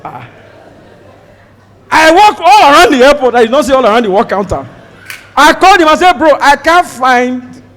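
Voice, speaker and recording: A Nigerian man doing stand-up, telling a story and acting out the dialogue with sudden loud outbursts. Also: extremely high pitch, long reverb tail. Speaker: stand-up comedian.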